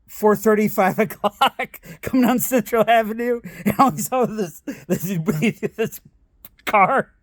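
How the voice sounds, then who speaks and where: A man's voice: sits high, no room sound, clean studio sound. A man telling a rambling family story in a casual way, laughing often as he talks. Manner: lively and animated.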